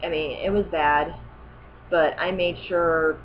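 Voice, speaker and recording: A woman's voice: deep voice, steady tone, slow, muffled recording, soft background music. A woman in her thirties telling a personal story as a vlogger, rambling, correcting herself and growing indignant. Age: 30s.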